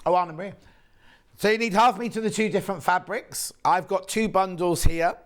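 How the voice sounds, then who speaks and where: This live TV shopping presenter speaks with a brisk, medium-pitched voice from the studio. Bubbly and chatty, she jokes with the crew between describing the products for sale.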